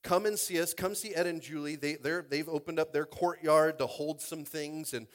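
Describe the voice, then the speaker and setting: A male pastor running a lively church service, joking and playful and often raising his voice to the room. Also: on the high side, normal speed. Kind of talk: church service games and announcements. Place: church sanctuary stage.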